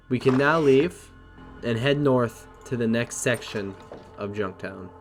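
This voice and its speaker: Man narrating a game playthrough, steady and explanatory, mid-pitched voice. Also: a little slow, faint music behind. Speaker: gameplay narrator. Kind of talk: let's play narration.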